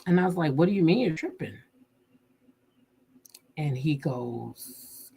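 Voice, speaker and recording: A woman telling viewers a personal story in a casual, animated and emotional way. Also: low-pitched, takes it slowly, gravelly, long pauses, a little hiss or hum. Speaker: vlogger.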